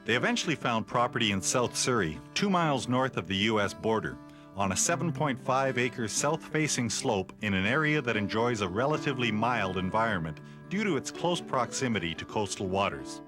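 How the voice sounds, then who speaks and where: Male documentary narrator, lively pitch, guitar music underneath. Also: fairly quick.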